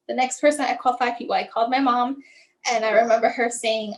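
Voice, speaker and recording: A woman with a fairly high, steady voice speaks fast on a low-quality recording, appearing as a guest to share her son's story. She tells it conversationally and emotionally, acting out what others said, using many fillers like "like," and often restarting fragmented sentences.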